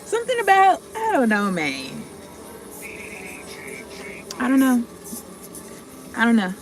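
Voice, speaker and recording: A woman's voice: on the high side, wildly swooping pitch, takes it slowly, soft background music. A woman giving a casual tarot reading to her viewers, rambling, cutting herself off mid-thought and talking in slang with some swearing. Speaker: tarot card reader.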